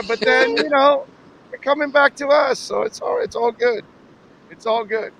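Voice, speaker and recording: A man hosting a sports radio show, making a playful, joking recruiting pitch over a remote call while outdoors in the wind. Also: moderate pace, fairly bright tone, rough recording. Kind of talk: casual sports talk. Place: outdoors by a cigar bar in strong wind. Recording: faint wind and traffic noise.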